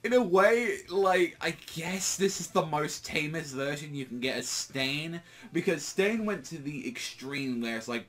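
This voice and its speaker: A man's voice: a little high, animated, a little slow, fairly bright tone. A man giving a casual, rambling manga chapter review, full of filler words and swearing.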